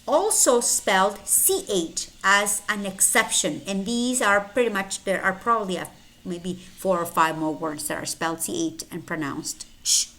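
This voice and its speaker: A woman teaching English pronunciation, saying each word slowly and clearly, usually twice, then explaining the spelling. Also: mid-range voice, fairly bright tone. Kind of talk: slow, deliberate pronunciation lesson.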